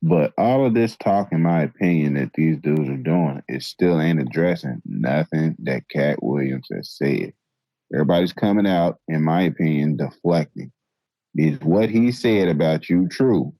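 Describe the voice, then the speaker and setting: A man co-hosting a casual podcast, calmly explaining his opinion in a laid-back way. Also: rumbling low, moderate pace, dry recording, rough recording. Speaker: podcast co-host. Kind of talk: casual debate chat.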